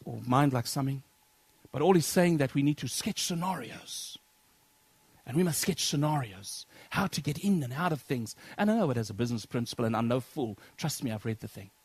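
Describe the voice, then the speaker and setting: A man preaching a sermon to his congregation, swinging from loud declaiming to soft near-whispers. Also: mid-range voice, animated, a little fast, slightly rough, dry recording. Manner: addresses congregation as brethren.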